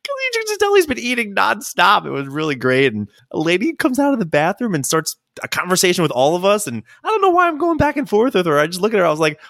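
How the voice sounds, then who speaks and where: Animated, jokey male podcast host. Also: high voice, quick pace, few pauses, no room sound, clean studio sound. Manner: animated, jokey, swears freely, acts out quoted voices. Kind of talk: casual storytelling chat.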